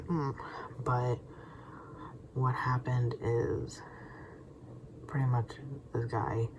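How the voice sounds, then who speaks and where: A young man vlogging in a casual rambling monologue, stammering through restarts and dropping into whispered asides. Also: mid-range voice. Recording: steady background noise.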